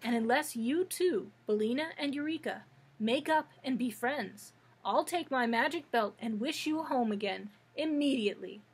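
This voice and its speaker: A woman's voice: high-pitched, big pitch swings, measured pace, hardly any pauses, husky, voice pushed up, full character voice. A woman reading aloud and voicing a young girl who speaks up firmly to her quarrelling pets. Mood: stern. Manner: bossy and stern when scolding. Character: stern little girl heroine, kindly but firm.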